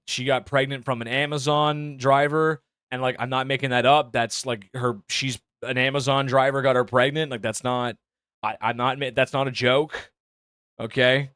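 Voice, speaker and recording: A man's voice: mid-range voice, a bit bright, clean tone, dry recording, studio quality. A man ranting casually about a movie he disliked, rambling with lots of filler, swearing and sarcasm. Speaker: movie reviewer. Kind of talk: casual movie review rant.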